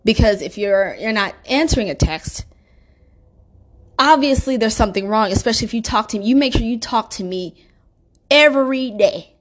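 A woman's voice: fairly high pitch, animated, a little fast. Rambling, indignant woman telling a story. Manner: rambling, full of fillers and restarts; indignant, emphatic complaining. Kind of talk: casual personal storytime.

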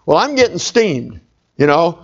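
A man's voice: on the high side, sing-song, measured pace, muffled recording. A middle-aged male pastor telling a humorous personal story in a sermon, talking straight to his congregation. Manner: folksy, humorous, talks to the congregation.

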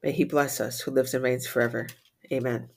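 A man reciting psalms, readings and short Latin prayers in a steady, measured way. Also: medium pitch, creaky. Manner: steady measured recitation, rattles off Latin refrains quickly and softly. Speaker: prayer leader.

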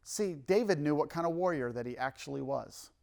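Animated man preaching a sermon. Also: fairly high pitch, fairly quick, creaky. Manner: animated, builds to loud emphatic peaks; casual asides and self-corrections. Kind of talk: sermon with scripture reading.

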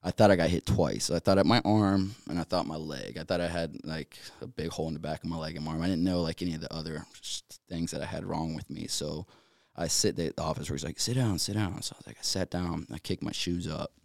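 A young man from North Carolina, a podcast guest, retelling events in a rapid, filler-heavy way with many restarts. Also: very deep voice, steady tone, vocal fry, darkish tone, no echo, clean studio sound. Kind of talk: casual storytelling in an interview.

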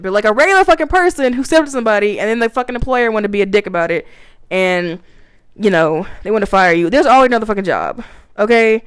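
A woman's voice: medium pitch, smooth, dry recording. A woman reading points aloud and ranting about them, swearing, laughing and acting out confrontations. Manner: animated, laughing, swearing, acts out mocking confrontations. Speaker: commentator reading and reacting. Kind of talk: profane ranting commentary.

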